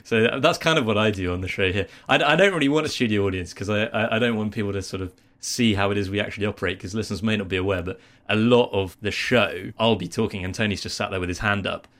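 A man's voice: lowish voice, fast talker, hardly any pauses, a bit bright. A young man hosting a casual cricket podcast in a studio, chatty and self-deprecating, often stumbling over his words. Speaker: podcast host.

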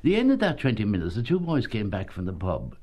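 A man's voice: fairly low pitch, wildly swooping pitch, quick pace, warm tone. An older man, a former actor, telling a funny anecdote about his early stage days, often adding "you see" and chuckling. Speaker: retired actor recalling touring days. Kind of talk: anecdotal storytelling.

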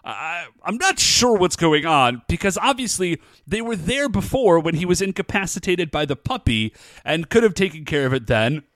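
A man with a high voice that leaps all over, chatting through a TV episode recap in a loose, filler-heavy way. His voice sounds dry and close, with no room around it. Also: sing-song, normal speed, fairly bright tone, no room sound. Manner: chatty, lots of "like" and "uh".

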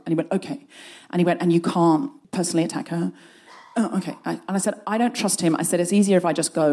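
A woman's voice: lowish voice, quick pace, a little mellow. A woman podcast host telling a comic anecdote to a live audience, acting out the voices of the people she quotes and laughing through parts of it. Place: live show on a stage.

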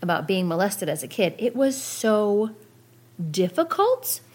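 A woman's voice: mid-range voice, very animated, measured pace, darkish tone. A woman hosting a podcast, speaking frankly in a casual monologue that addresses her listeners directly. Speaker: podcast host. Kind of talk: candid personal podcast monologue.

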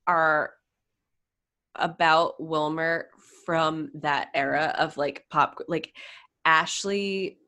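Speaking very slowly in a low voice, a podcast co-host chats casually about celebrity gossip. She stays animated, with gasps, laughter, and frequent "like"s.

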